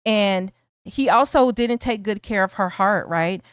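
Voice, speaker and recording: A woman's voice: mid-range voice, measured pace, clean tone, no room sound, studio quality. A woman co-hosting a casual film discussion, thoughtful and laughing easily, often restarting her sentences. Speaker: podcast co-host.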